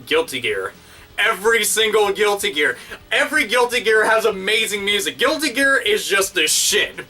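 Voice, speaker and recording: A man hosting his own video, ranting casually and excitedly with constant swearing and crude exaggeration. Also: high-pitched, normal speed, recorded from a distance, faint music behind. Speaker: video host. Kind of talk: casual profane rant.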